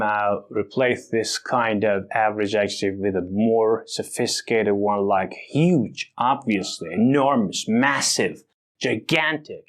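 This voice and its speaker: Slow-speaking man teaching English vocabulary. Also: on the low side. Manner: slow and deliberate, with exaggerated word stress. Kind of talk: vocabulary lesson.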